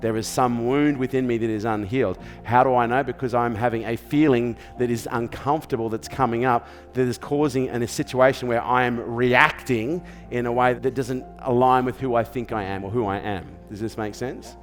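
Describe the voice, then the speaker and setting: Speaking in a large hall with soft music in the background, an Australian business coach offers parenting tips as if in an interview. His medium-pitched voice is steady, at normal speed with hardly any pauses, and he drives points home firmly, repeating key phrases and asking "okay?" or "does this make sense?"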